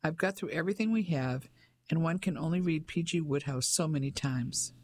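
A man reading aloud, voicing a frail elderly Englishwoman with a soft, hushed, genteel manner. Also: a little high, fairly quick, natural voice. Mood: gentle.

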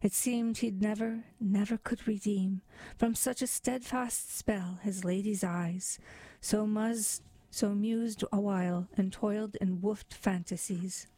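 A woman reading narrative poetry aloud in a measured, expressive way. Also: mid-range voice, dry recording. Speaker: reader.

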